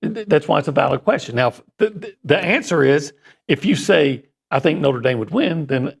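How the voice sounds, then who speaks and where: Gravelly, husky-voiced male sports co-host. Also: fairly high pitch, expressive, normal speed. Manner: joking, rambling, playful. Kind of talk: casual sports talk banter.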